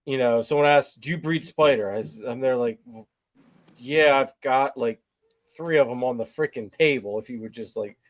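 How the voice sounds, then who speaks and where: A man's voice: mid-range voice, normal speed. A man co-hosting a casual podcast, chiming in with short, laid-back agreement and his own stories. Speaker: podcast co-host. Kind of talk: casual chat.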